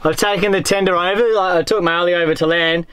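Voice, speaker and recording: A young man and sailing vlogger telling a story in a casual, animated way, leaning on "like" a lot. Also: high voice, quick pace, clean tone, no room sound. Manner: animated, chatty, heavy use of "like".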